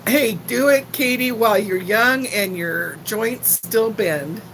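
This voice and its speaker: A woman's voice: a little high, takes it slowly, a bit bright, a little hiss or hum, rough recording. An older woman from Texas with a faint Texan accent, chatting casually and giggling with viewers on a livestream. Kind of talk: casual live chat.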